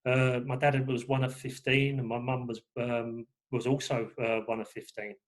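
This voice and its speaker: A man's voice: medium pitch, flat delivery, normal speed. A man from England, talking as a guest in a rambling way with many fillers and restarts. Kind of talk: casual conversation.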